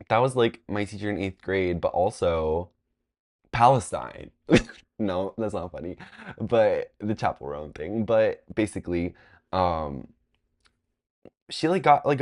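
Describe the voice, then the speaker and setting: A man in his twenties telling a rambling, animated storytime vlog, full of "like" fillers. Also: low voice. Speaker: vlogger. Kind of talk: casual storytime.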